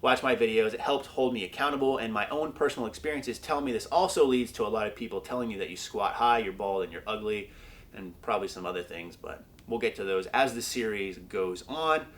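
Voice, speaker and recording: A man's voice: fairly low pitch, fairly quick, a bit bright. A young man chatting casually in a training vlog, laid-back and joking, with the odd swear word. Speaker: powerlifting vlogger.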